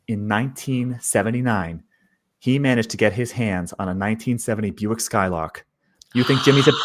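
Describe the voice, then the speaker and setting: A man voicing a fast-talking, boastful woman hacker with a brash, streetwise manner. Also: fairly low pitch, natural voice.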